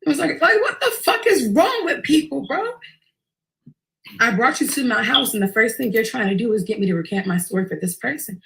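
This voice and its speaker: A woman, telling a personal story in a profane, intense and animated way. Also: a little high, brisk, vocal fry. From Queens, New York. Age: early 20s.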